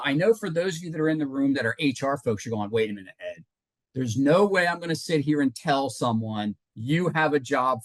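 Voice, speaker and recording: Animated man presenting a workshop. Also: mid-range voice, no echo. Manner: animated, conversational, emphatic. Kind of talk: live webinar teaching.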